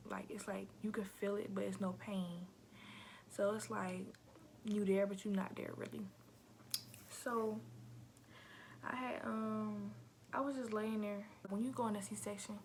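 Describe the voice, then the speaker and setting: Young female vlogger, casual and slangy, gravelly fry, slips into soft whispers. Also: mid-range voice, slight background noise. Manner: slangy, addresses viewers as y'all, often drops to a soft whisper. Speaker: vlogger telling her birth story. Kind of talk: casual storytime to camera.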